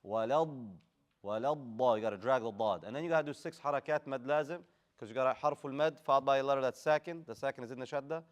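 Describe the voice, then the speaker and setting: Smooth-voiced man teaching recitation. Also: medium pitch, very fast. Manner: casual, direct corrections with modeled Arabic recitation. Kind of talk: live tajweed class instruction. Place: classroom.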